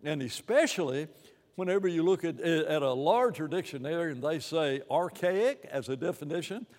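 Animated preacher man in a reverberant hall. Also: a little high, normal speed. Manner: animated, rambling, many restarts and fillers. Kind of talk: sermon.

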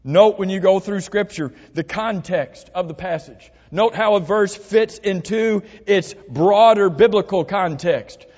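A man with a high voice delivers an earnest teaching sermon in a church hall. He talks through his points with repeated instructions and restarts. The recording is dull and muffled, with a long reverb trailing off his words. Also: a little mellow. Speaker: pastor.

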